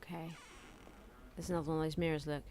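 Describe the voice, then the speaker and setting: A woman's voice: low-pitched, little pitch movement, quick pace, noisy background. A woman chatting casually and giggling as she live-streams a video game from home on a desk mic. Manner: chatty, giggly, talking to chat while playing.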